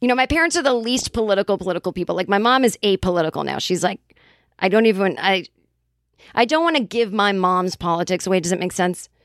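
A woman's voice: mid-range voice, expressive, fast, dry recording. Woman, middle-aged, podcast host, rambling casual storyteller, swears, dry close recording. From Boston area. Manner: chatty, rambling, swears freely.

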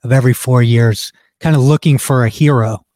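A man's voice: medium pitch, fairly quick, warm tone, no room sound, clean studio sound. A man co-hosting a podcast in casual chat, speaking bluntly and emphatically and swearing freely. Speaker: podcast co-host.

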